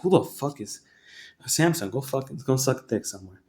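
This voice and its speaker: A man's voice: medium pitch, lively intonation, a little mellow, soft background music. Rambling, profane man telling a story. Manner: rambling, profane, halting restarts. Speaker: vlogger. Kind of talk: casual storytelling.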